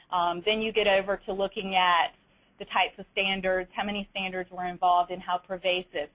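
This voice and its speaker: A woman's voice: medium pitch, a bit bright, rough recording. Southern woman explaining audit slides. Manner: methodical, explanatory, with frequent fillers and restarts. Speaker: webinar presenter. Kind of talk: instructional webinar walking through slides.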